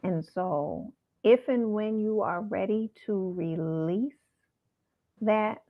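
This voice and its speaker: A middle-aged woman hosting a livestream talk, telling stories and reading out a mantra slowly. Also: medium pitch. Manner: storytelling, slow deliberate mantra reading. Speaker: host. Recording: tinny phone-like line.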